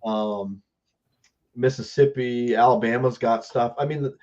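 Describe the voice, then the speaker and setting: A man's voice: medium pitch, fairly even intonation, measured pace, a little mellow. A man co-hosting a podcast in casual chat, rambling and often restarting his sentences. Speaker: podcast co-host. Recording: slightly dull lo-fi sound.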